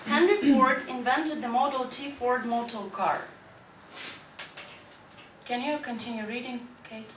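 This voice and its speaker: Her voice a little high and a bit bright, a woman explains English grammar to her class slowly and steadily, leaving long pauses and checking understanding with "right?". The school classroom audio is echoey, captured from far away with background noise.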